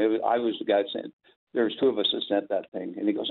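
A man's voice: lowish voice, animated, moderate pace, vocal fry. An older man, a former sportscaster, telling rambling stories in casual chat, chuckling and quoting dialogue as he goes. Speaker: podcast guest, former sportscaster. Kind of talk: casual storytelling. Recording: tinny phone-like line.

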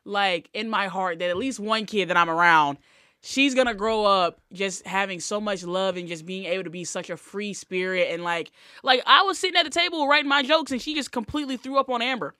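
A woman's voice: medium pitch, a little fast, bright, forceful tone, dry recording, clean studio sound. A woman comedian, a guest on a podcast, chatting loosely and telling stories with lots of "like". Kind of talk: casual podcast chat.

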